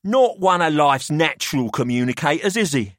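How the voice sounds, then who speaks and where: A man's voice: on the high side, lively intonation, moderate pace, a bit bright, dry recording, clean studio sound, voice pushed up. A man voicing a pushy, jovial older male collector who talks down to two young men. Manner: expansive, theatrical, patronising.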